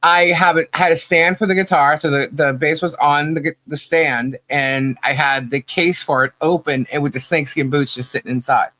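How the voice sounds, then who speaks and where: A woman's voice: deep voice, fairly even intonation, normal speed, few pauses, a bit bright, no room sound. A woman co-hosting a podcast, telling stories in casual chat, acting out quoted dialogue and laughing often. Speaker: podcast co-host.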